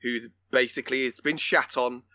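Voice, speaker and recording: A man's voice: medium pitch, steady tone, normal speed, bright, forceful tone, no echo, muffled recording. A man co-hosting a film podcast, talking casually with lots of restarts and casual swearing. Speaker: podcast co-host.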